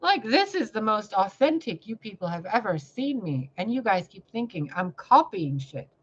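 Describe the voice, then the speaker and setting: A woman's voice: medium pitch, big pitch swings, moderate pace, slightly rough. Woman going off in a spiritual rant, swears a lot, fiery and in your face, kinda dull lo-fi audio. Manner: fiery, confrontational, heavy swearing, rhetorical questions. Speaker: tarot reader and spiritual channel host. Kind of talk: impassioned spiritual monologue.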